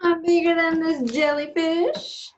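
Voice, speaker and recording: A woman voicing a boastful male giant squid in a children's storybook read-aloud, bragging in drawn-out proclamations. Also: very high-pitched, level tone, muffled recording, slight background noise, voice pushed up.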